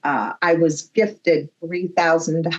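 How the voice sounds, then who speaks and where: A woman's voice: low-pitched, slow pace, dull audio. A woman, a medium who is a guest on a podcast, telling a story in a casual interview and acting out the voices of the people in it. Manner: animated storyteller, acts out quoted voices.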